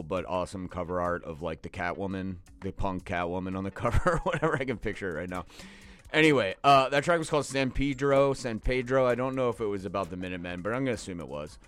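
Hosting a radio show, a man talks loosely and casually about the records he just played, wandering off into jokey asides. His voice is on the low side with a fairly bright, clean tone, and faint music plays behind him.

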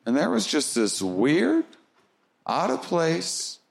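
A man doing stand-up, telling a story with lively swoops into squeaky sound effects. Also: slow, vocal fry, roomy sound. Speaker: stand-up comedian. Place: comedy club stage.

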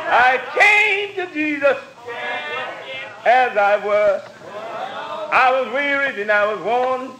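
A man from Mississippi, a pastor preaching and praying in rhythmic, repeating phrases that swell into shouts. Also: very high-pitched. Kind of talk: sermon prayer. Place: church with congregation. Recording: roomy church with crowd noise.

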